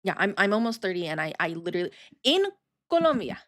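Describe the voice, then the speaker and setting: A woman's voice: fairly low pitch, very animated, a bit bright. Chatty woman streamer in her thirties. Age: 30s. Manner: chatty storytelling, swearing, quick restarts. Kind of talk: casual livestream chat.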